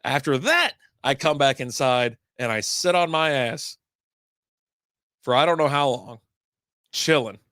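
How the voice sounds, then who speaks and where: A man's voice: medium pitch, sing-song, measured pace, pauses often, sharp tone, no echo, clean studio sound. A man hosting a casual podcast, rambling through long stories with lots of asides and fillers. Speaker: podcast host. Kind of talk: casual beer podcast monologue.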